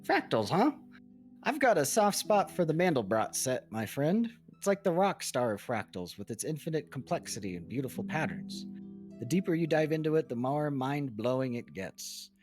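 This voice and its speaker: A male AI chatbot rattles off edgy stand-up bits with punchy setups and an upbeat lift, as a man reads its replies aloud. The voice sits a little high, with music faint behind it. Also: big pitch swings, normal speed. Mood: enthusiastic.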